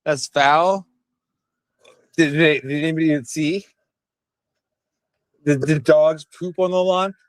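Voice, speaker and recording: A man's voice: fairly high pitch, steady tone, slow, pauses often, dry recording. A tipsy man live streaming while walking outdoors, rambling and bantering rowdily with his chat on a handheld phone. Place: outdoors on town streets.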